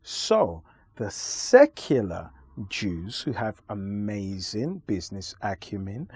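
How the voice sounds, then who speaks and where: A man speaking as an interview guest, forceful and lecturing. He stretches key words and pauses to stress them. His pitch swings widely and the sound is dry and close. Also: sing-song, breathy edge, no room sound. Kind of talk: emphatic conversational argument.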